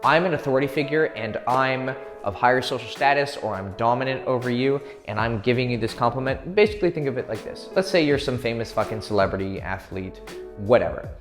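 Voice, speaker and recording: A man giving blunt, profane dating advice, brash and swaggering, who keeps acting out quick pick-up lines. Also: medium pitch, animated. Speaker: dating coach. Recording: echoey room with long reverb and faint music.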